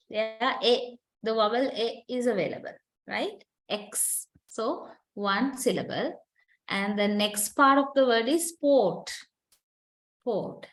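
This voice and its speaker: A woman's voice: fairly high pitch, rough recording. A woman giving a university lecture, explaining patiently, quizzing students and using many fillers.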